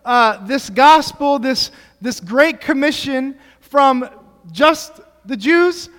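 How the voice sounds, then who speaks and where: A man's voice: very high voice, lively intonation, slow pace, fairly bright tone. A young male pastor giving a casual, storytelling sermon full of "like" and restarts. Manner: casual storytelling with many fillers. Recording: long hall reverb.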